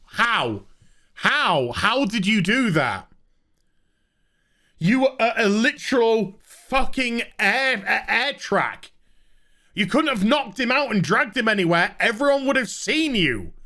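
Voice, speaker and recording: A man's voice: sits high, sing-song, takes it slowly, bright, forceful tone. A man ranting through a comic film review, sarcastic and exasperated, with frequent swearing.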